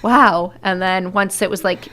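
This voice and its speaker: A woman's voice: medium pitch, a little fast, a bit bright. Woman interview guest, casual and chatty, full of fillers, acts out quotes.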